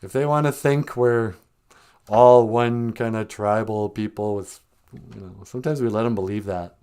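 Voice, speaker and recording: A man's voice: on the low side, normal speed, mellow, smooth. A man hosting a casual live-stream podcast, telling jokey stories and laughing often. He is outdoors on a back porch. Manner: joking storyteller, laughs often. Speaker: podcast host.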